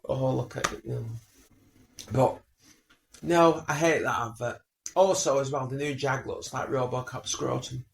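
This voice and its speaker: A man's voice: mid-range voice, steady tone, measured pace, creaky. A man, co-hosting a casual podcast, grumbling and rambling as he mocks what irritates him. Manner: grumbling, rambling, mimics voices. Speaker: podcast co-host. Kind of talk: casual banter. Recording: echoey room.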